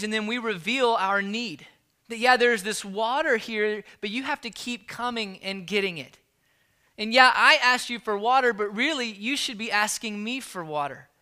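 A man preaching a sermon in a relaxed, conversational way, often restarting his words and checking in with "all right?". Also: high voice, smooth. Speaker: pastor.

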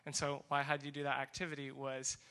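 A young man giving a testimony talk to a group, animated and acting out the dialogue as he tells the story. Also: mid-range voice, fast, clean tone. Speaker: speaker sharing a mission trip story.

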